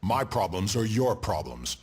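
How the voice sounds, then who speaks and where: An actor playing a threatening male gang leader in a video game cutscene, with a husky voice. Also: fairly low pitch, very animated, unhurried, heavy background noise. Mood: menacing. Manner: menacing, confrontational.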